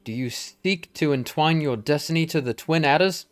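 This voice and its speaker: A man's voice: fairly high pitch, moderate pace, lightly acted. A man voicing a stern, formal male military commander with a stately, old-fashioned delivery, reading game dialogue aloud.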